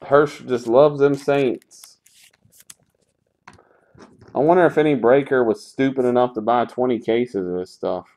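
A man hosting a sports card break talks at a slow, unhurried pace in a mid-range voice. He calls out each pull with sarcastic, grumbling remarks and plenty of swearing. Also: medium pitch, a little mellow. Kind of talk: live card break commentary.

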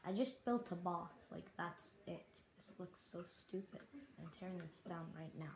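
A young Canadian speaker giving rambling, apologetic let's-play commentary while building in a survival game. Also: female voice, on the low side, moderate pace. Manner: rambling, self-deprecating, apologetic. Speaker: gaming YouTuber. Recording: echoey room with faint noise.

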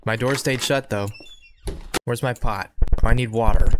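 Man, horror game commentary, jumpy and chatty, mid pitch, noisy recording. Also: normal speed. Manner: excitable, talks back to the game, repeats himself. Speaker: gaming video creator. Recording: noticeable background noise.

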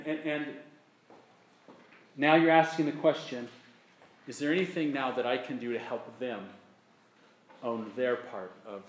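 A male pastor delivers a sermon in an earnest, teaching manner, repeating his main points and slipping into example apologies. His voice sits a little high for a man. The sound is roomy and echoey, with a faint hiss of background noise. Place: church sanctuary.

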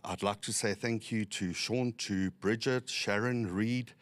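A man, a racehorse owner speaking warmly and proudly in a post-race interview. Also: lowish voice, steady tone, a little slow. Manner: warm, proud, thanking the team.

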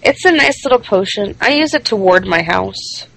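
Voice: medium pitch, animated, moderate pace, gravelly, a bit bright, poor audio. A podcast co-host talking bluntly and enthusiastically, with swearing, in casual chat.

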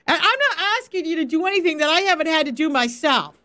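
Animated high-voiced woman Bible teacher. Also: fast. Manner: animated, laughs, acts out quotes. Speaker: faith coach and Bible teacher. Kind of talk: informal live-stream Bible teaching.

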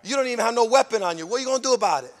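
A pastor putting on a low, sneering devil. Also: male voice, lively intonation, rapid-fire. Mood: taunting. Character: taunting male devil, mocking and menacing.

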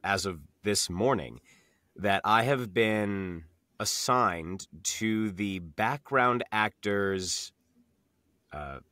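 An easygoing man chats casually as a podcast guest. His low voice has a bright, forward edge, and the sound is close and dry. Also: extremely slow, no room sound. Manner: easygoing, relaxed storyteller. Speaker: voice actor guest.

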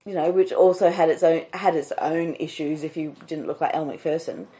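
An Australian woman hosting a casual comedy podcast chat, telling stories with lively quoted asides. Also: low voice, a little fast. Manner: storytelling, animated quotes. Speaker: podcast host.

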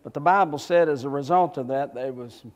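A man preaching a sermon, with fervent shouts and folksy asides to the congregation. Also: fairly high pitch, fairly quick, muffled recording.

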